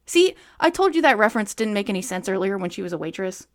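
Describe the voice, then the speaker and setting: Young woman, book reviewer, reads aloud with sarcastic asides, medium pitch. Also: sing-song, fast. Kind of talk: reading aloud with commentary.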